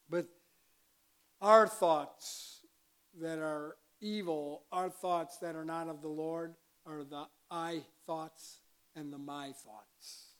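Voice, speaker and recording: Male pastor, conversational sermon delivery, slow pace, punches key lines loudly. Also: on the high side. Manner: conversational preaching with sudden loud emphasis.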